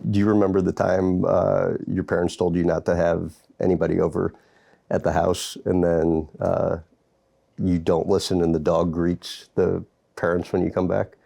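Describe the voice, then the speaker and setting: Deep gravelly interviewer man. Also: level tone, normal speed, dark tone. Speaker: interviewer host. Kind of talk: casual interview.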